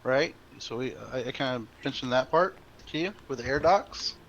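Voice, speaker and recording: A man's voice: mid-range voice, normal speed, fairly bright tone. A man talks eagerly and rambles as a player in a tabletop game. His voice comes through a dull, lo-fi mic with faint hiss behind it. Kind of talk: casual chat.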